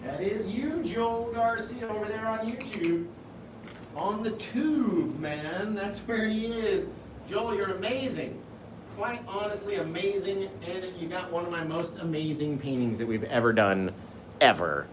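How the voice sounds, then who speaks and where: A man's voice: sits high, unhurried, reverberant, recorded from a distance, background noise. A man in his forties hosting a live painting lesson, enthusiastic and playful as he reads viewers' comments aloud and jokes with them. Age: 40s. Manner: enthusiastic and playful, joking and gushing. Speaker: painting instructor and live stream host. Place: painting studio.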